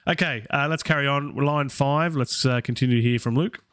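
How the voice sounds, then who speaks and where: A man's voice: mid-range voice, a little fast, fairly bright tone, clear, resonant tone, no room sound, clean studio sound. Australian man musing through Latin lessons. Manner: musing, thinks aloud with many fillers. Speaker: Latin study host. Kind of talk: live-stream Latin study session.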